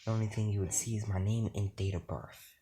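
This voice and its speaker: A man's voice: lowish voice, fairly even intonation, brisk, natural voice. A young man voicing a cocky teenage boy turned cold killer, talking in a smug, offhand, rambling way over a noisy home mic.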